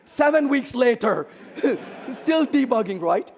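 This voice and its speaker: A man's voice: extremely high pitch, slow pace, hardly any pauses. A middle-aged man giving a humorous conference keynote, telling stories and acting out the lines of the people in them. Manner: animated, acts out quoted dialogue. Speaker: keynote speaker. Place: large conference hall. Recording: reverberant hall.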